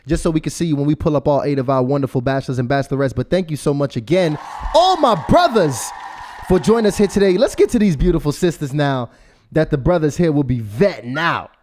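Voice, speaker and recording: Man host, energetic and playful, a bit high voice. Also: fast talker. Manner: energetic, playful, repeats words. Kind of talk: casual chat.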